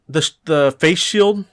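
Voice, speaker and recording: A young man, a podcast co-host, telling a rambling story in casual chat, full of restarts and "like"s. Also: on the high side.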